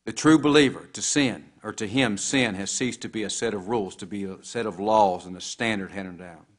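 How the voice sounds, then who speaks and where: Guy preaching a sermon, lowish voice, gets loud then drops way down on scripture. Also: normal speed. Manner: preaching with scripture quoted in old English, rising and falling emphasis.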